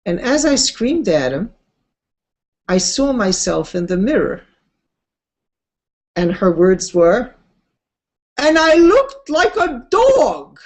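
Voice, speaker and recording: A woman teaches a Torah class, weaving stories into her lecture. She speaks in an unhurried, conversational way, with expressive pitch swings and casual asides.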